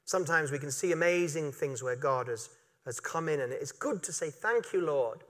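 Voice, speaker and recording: A man preaching a sermon, animated and emphatic, repeating phrases for effect and briefly acting out the voices of people in the story. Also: on the high side, normal speed. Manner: animated, acts out voices of biblical figures; repetitive, emphatic.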